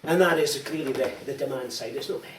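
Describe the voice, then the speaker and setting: Here's a middle-aged man from Scotland at quick pace and mid-range pitch, entertaining a large dining hall with an anecdotal, teasing after-dinner comic routine full of lively storytelling. The hall echoes, the mic is far off, and background noise comes through.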